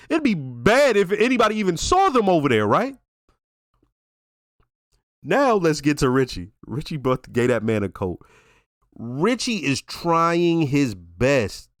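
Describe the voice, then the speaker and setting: A man's voice: on the high side, no room sound, clean studio sound. A man hosting a casual reaction and review, swearing freely and retelling scenes with exclamations. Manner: profane, animated storytelling with exclamations. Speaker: reaction video host.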